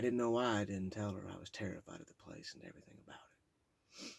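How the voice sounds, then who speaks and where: A man's voice: sits low, wildly swooping pitch, brisk, gravelly, breathy edge. A man reading his own memoir aloud in a candid, plain-spoken way, with casual asides. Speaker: memoir narrator.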